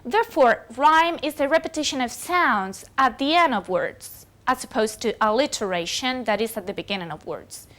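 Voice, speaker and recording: A woman's voice: a little high, moderate pace, few pauses, a bit bright. A woman whose first language is Spanish, giving a recorded university lecture with many fillers and self-corrections.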